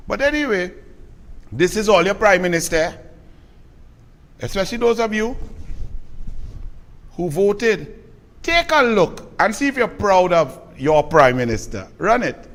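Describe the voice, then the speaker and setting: Trinidadian host, biting emphatic rant, fairly high voice, long reverb around it. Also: male voice, very animated, unhurried, pauses often, a bit bright. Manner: scathing, mocking, emphatic. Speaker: political commentator host. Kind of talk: political commentary rant.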